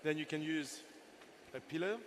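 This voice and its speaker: This chef, a man in his sixties, leads a live cooking masterclass on a festival stage at a moderate pace. His voice is fairly high, and he's chatty and playful with both his helpers and the crowd. There's slight background noise.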